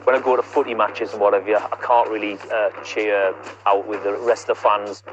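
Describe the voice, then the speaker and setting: A man who works as a voice-over narrator, talking about his job in a measured, deadpan way. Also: on the low side, lo-fi sound. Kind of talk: mock-documentary interview and chat.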